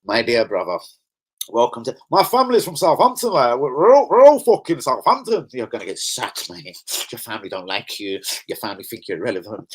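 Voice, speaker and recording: A man chatting excitably as a football fan vlogger, full of slang and swearing. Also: medium pitch, brisk, breathy edge, low-quality recording. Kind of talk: casual fan chat.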